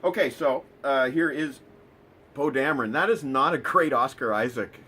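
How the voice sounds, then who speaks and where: A man's voice: medium pitch, moderate pace, noisy background. A man hosting a casual toy unboxing video, talking with dry, sarcastic remarks and lots of ums and uhs.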